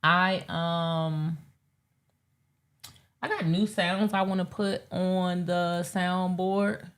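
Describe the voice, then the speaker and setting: A woman's voice: on the low side, fairly even intonation, extremely slow. A woman hosting a live show, chatting casually and profanely to her chat while fumbling with her setup. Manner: rambling, profane, talks to chat.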